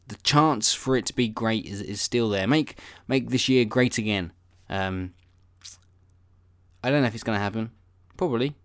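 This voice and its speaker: A man's voice: mid-range voice, no room sound, studio quality. A man hosting a solo podcast, rambling off-topic in a self-deprecating way with casual swearing. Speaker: podcast host.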